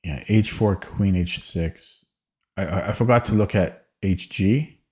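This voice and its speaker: Man, chess stream commentary, deep voice, slow, hesitant, repeats words. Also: dark tone. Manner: hesitant, stammers and repeats words while thinking aloud.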